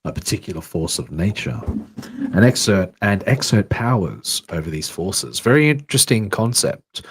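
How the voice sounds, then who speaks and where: A man's voice: sits low, sing-song, moderate pace, slight background noise. A man co-hosting a podcast, rambling and thinking aloud in casual chat, swearing now and then. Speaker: podcast co-host.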